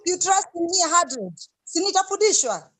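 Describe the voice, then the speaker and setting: A woman's voice: very high-pitched, very animated, moderate pace, a bit bright. A young-sounding woman on a video call, playfully teasing and bantering in a casual group chat.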